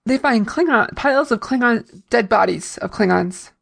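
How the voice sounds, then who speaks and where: A woman with a gravelly, fry-laden voice co-hosts a casual podcast, recapping an episode in a chatty, easygoing way. She laughs readily as she talks. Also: a little high, expressive, moderate pace. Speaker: podcast co-host.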